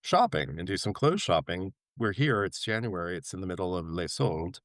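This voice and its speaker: A man's voice: normal speed, no echo. A man from New York, a podcast guest, telling a travel story with energy and acting out the people he quotes. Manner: animated anecdote-telling, acting out quoted voices with big pitch jumps. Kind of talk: casual storytelling interview.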